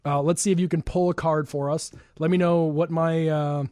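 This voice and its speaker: A man's voice: fairly high pitch, level tone, moderate pace, dark tone, no echo, clean studio sound. A man from the Chicago suburbs hosting a talk show, joking and rambling in casual chat with frequent laughs. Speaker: show host.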